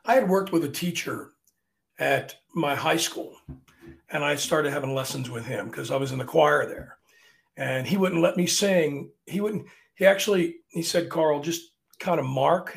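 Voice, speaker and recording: A man from Virginia talks through stories in a relaxed interview, lively and quick to restart his sentences. His speaking voice sits fairly high for a man and has a gravelly, creaky edge. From Virginia, USA. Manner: chatty, animated, often restarts sentences. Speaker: opera singer guest. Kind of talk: casual interview storytelling.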